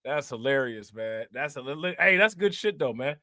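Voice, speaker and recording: A man's voice: medium pitch, lively intonation, normal speed, bright, forceful tone, dry recording, clean studio sound. A man hosting a crypto livestream in casual chat, joking, laughing and slangy. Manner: joking, laughing, slangy, repeats "you know what I'm saying".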